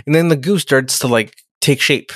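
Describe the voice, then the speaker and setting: A man chats loosely and profanely, acting out bits of dialogue as he goes. His voice sits at a middle pitch. It is recorded dry and close, with no room sound. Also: moderate pace, a bit bright, dry recording. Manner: profane, rambling, acts out characters' lines. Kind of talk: casual chat recapping a TV episode.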